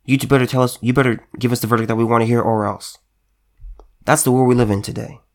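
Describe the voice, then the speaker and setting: A fast-talking male political commentator with a medium-pitched voice and little pitch movement delivers a heated, emphatic monologue. He repeats himself and keeps stumbling into fresh starts on his phrases.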